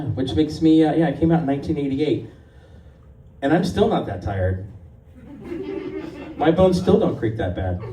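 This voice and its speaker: A man's voice: a little high, warm tone, recorded from a distance. A stand-up comedian in his fifties from the Los Angeles area, telling stories in a chatty, confident, self-mocking way on a bar stage. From Los Angeles area, USA. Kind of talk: live stand-up set. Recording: echoey bar room from afar, faint noise.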